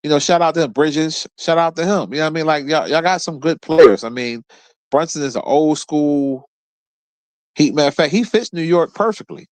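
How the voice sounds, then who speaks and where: A man's voice: fairly high pitch, moderate pace, dry recording. A man hosting his own show, ranting about basketball in a blunt, profane, trash-talking way. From Philadelphia area. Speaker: host. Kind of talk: casual sports rant.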